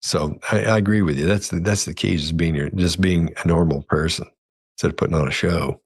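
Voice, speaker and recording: A man's voice: low voice, steady tone, a little fast, slightly rough. A man speaking as a podcast guest, telling a long story in a rambling, self-correcting way and acting out the quoted dialogue. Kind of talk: casual storytelling chat.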